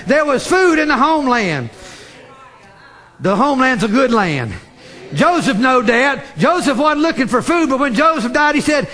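Male preacher, very high and bright voice, fervent, repetitive, shouts his peaks. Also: very animated, moderate pace. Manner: fervent, repeats phrases, builds to shouted emphasis. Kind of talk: sermon.

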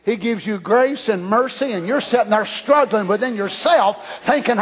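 High-pitched fervent preacher, drawl. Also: male voice, lively intonation, normal speed, hardly any pauses, breathy edge. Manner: fervent, swings from hushed asides to shouted declarations. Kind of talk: Pentecostal-style sermon.

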